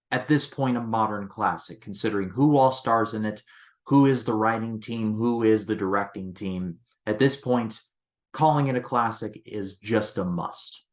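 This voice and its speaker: A man hosting a movie review channel, talking casually and rambling, often restarting and leaning on filler words. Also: fairly low pitch. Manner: rambling, leans on "basically" and restarts.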